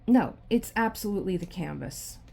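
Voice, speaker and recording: A woman's voice: mid-range voice, lively intonation, moderate pace, gravelly, warm tone. A middle-aged woman hosting a craft video, chatting casually to the camera and talking to herself in frustration as she works.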